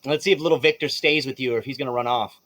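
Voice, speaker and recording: A man's voice: medium pitch, rapid-fire, fairly bright tone. A man narrating as game master of a tabletop game, playful, laughing often and swearing casually.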